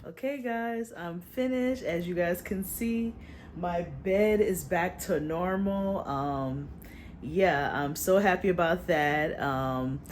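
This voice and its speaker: A woman's voice: deep voice, a little hiss or hum. A young woman rambling in a casual late-night vlog from her bedroom, slangy and laughing at herself. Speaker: vlogger.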